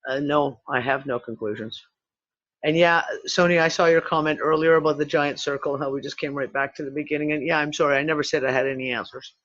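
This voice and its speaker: A man's voice: a little high, steady tone, fast, fairly bright tone, lo-fi sound. A man hosting a casual online discussion, rambling and swearing freely as he talks. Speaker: host.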